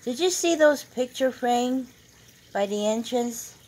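A woman's voice: on the high side, animated, takes it slowly, a little mellow, voice pushed up, poor audio. A proud, bossy older mother, as a woman reader puts her on. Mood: boastful. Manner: boastful, emphatic.

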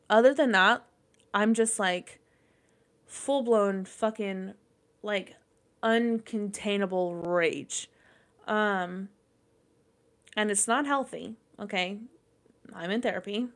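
A young adult woman hosting a podcast, talking casually, swearing a lot, rambling with plenty of fillers. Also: medium pitch. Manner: profane, rambling, lots of fillers. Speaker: podcast host. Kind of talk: casual chat.

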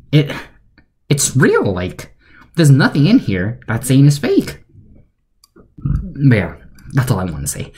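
A young man giving deadpan, sarcastic commentary for a joke video, rambling with fillers. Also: deep voice. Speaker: YouTuber.

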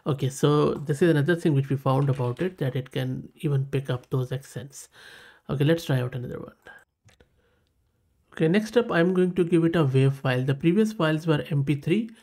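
A man with a South Asian English accent walks through a tech tutorial in a casual, enthusiastic way, often repeating his praise. His voice sits a little on the high side. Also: brisk, darkish tone. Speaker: tech channel host. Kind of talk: casual screen-recorded tutorial.

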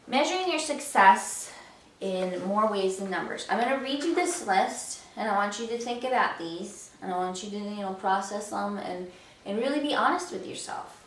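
A woman's voice: medium pitch, slight background noise. A woman fitness coach giving a motivational talk, firing off rhetorical questions with a chatty, filler-laden delivery. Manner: chatty with many "you know" fillers. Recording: roomy echo, mic at a distance.

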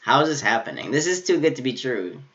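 A man hosting an anime reaction video, excitable and laughing as he talks back to the screen in casual commentary. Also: mid-range voice, quick pace, dull audio. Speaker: anime reaction channel host.

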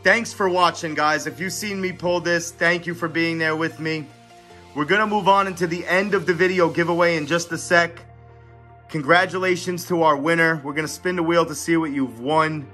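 A man's voice: fairly high pitch, fairly even intonation, normal speed, sharp tone, soft background music. A man hosting a casual card-unboxing vlog, talking eagerly and chatting straight to his viewers. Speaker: card-opening channel host.

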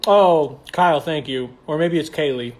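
Young man, slightly high voice, sassy campy slang, casual livestream chat, phone mic. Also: moderate pace. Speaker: stage actor hosting a livestream.

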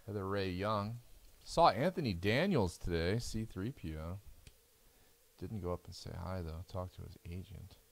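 A tired man hosts a live card break, chatting loosely as he calls out each card. His voice sits a little low, with a gravelly, creaky edge. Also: animated, moderate pace. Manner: chatty, reads out card names as he opens packs. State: tired and yawning. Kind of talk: casual live stream commentary.

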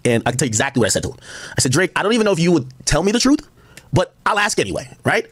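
A man giving rambling, excitable live-stream commentary, full of asides and quoted conversations. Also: fairly high pitch, rapid-fire, husky, no echo. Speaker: livestream commentator.

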